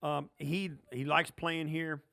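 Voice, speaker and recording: A man's voice: on the high side, takes it slowly, gravelly, smooth. A man co-hosting a sports podcast, answering quiz questions and giving casual opinions. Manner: relaxed, answers off the cuff. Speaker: podcast co-host.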